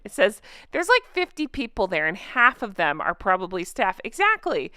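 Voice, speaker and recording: Bright, lively sarcastic woman host. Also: medium pitch, moderate pace, few pauses, dry recording, clean studio sound. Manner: chatty and sarcastic, laughs often. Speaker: channel host reacting to online comments. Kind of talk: casual chat, reading and reacting to comments.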